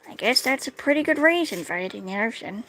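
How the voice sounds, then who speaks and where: A woman's voice: on the high side, animated, fast, fairly bright tone, low-quality recording. A young woman commenting emotionally on a video game as she plays. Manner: emotional, reacting aloud. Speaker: gaming video creator. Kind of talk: let's-play commentary. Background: game music.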